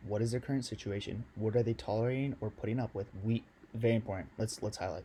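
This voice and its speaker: Slangy low-voiced man coaching sales. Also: fairly even intonation, quick pace, hardly any pauses, dark tone, a little hiss or hum. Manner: slangy, loose and chatty, talking straight to viewers. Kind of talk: casual video lesson.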